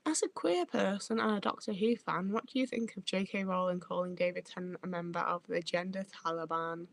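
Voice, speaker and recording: A woman's voice: on the low side, brisk, gravelly, a little hiss or hum. A woman livestreaming who reads out chat as she goes. She rambles, swears freely and trips over her own words.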